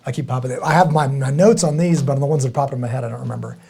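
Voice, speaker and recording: A middle-aged man chats casually as a podcast host. His voice is gravelly, husky and mellow. He rambles in halting bursts, with many restarts and fillers. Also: mid-range voice. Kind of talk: casual chat.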